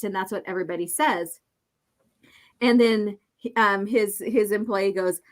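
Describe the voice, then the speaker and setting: A woman's voice: mid-range voice, a little fast. Chatty woman retelling a comic. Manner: chatty, laughs often, acts out quoted lines. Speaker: podcast co-host. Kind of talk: casual chat, reading a comic aloud.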